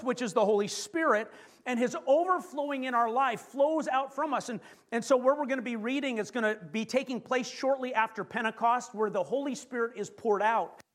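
Canadian male pastor, very high voice, lively sermon delivery, calls out questions to the room. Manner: lively preaching with rhetorical questions and stressed slow phrases.

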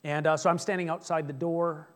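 Male pastor, middle-aged, slightly high voice, conversational storytelling sermon. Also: level tone, a little fast. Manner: chatty storytelling, jokes with congregation.

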